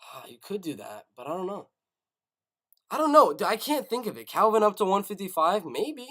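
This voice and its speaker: A man's voice: high-pitched, very animated, normal speed, a bit bright. A young man hosting a live stream, thinking aloud and often repeating himself as he stammers through ideas. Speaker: host.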